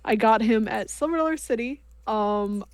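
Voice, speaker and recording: Woman, high voice, dry close sound, casual livestream chat, emotional, rambling. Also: moderate pace, dry recording. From United States. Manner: emotional, rambling with many fillers. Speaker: co-host.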